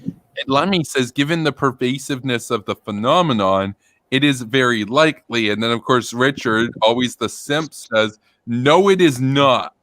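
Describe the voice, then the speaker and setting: A man's voice: medium pitch, normal speed, a bit bright, no echo. A man hosting a casual stream, retelling a story in a rambling way and laughing often. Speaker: political commentary streamer.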